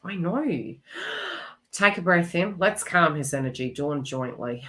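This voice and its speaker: Low-voiced woman giving a psychic reading. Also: lively intonation, unhurried, pushed and bright. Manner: rambling and emotive, many fillers and restarts. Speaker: psychic tarot reader. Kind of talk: live online psychic reading.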